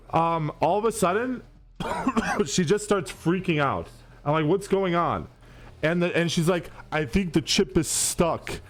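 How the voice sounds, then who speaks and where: Profane rambling man telling stories. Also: fairly high pitch. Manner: rambling, profane, frequent restarts. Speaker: streamer host. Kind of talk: casual storytelling to stream chat. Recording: faint music behind.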